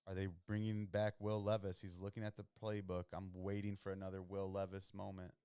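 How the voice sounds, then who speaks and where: A young man with a very low, smooth voice chats loosely about the football he is watching, dropping slang as he reacts to each play. The close mic gives a dry sound with no room around it. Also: monotone, brisk, dark tone, no echo. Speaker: podcast host watching football. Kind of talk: casual live-watch commentary.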